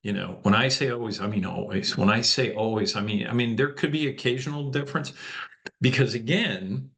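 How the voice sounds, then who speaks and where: A man's voice: medium pitch, fairly quick, creaky, a bit bright. A man facilitating an online leadership training over a video call, talking conversationally and checking in with the group often. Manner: conversational, checks in with frequent "okay?". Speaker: workshop facilitator.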